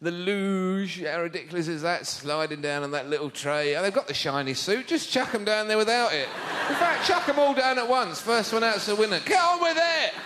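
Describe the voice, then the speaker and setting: A man with an English accent performing a stand-up routine on a theatre stage, breaking into shouted mock outbursts. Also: high-pitched, lively intonation, a little fast. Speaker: stand-up comedian. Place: theatre stage with live audience. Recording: live show recording with audience noise.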